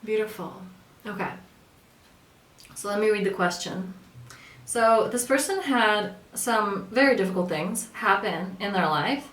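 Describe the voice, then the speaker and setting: A woman's voice: mid-range voice, lively intonation, unhurried, a bit bright. Woman giving spiritual coaching talk, earnest and chatty, roomy echo, mic kinda far off. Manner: conversational, earnest, acts out quoted voices. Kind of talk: casual spoken coaching talk. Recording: echoey room, mic at a distance.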